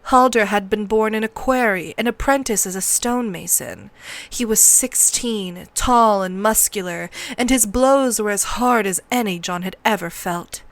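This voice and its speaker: A woman narrating a novel aloud in a measured, steady read-along style, close to the mic. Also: medium pitch, dry recording.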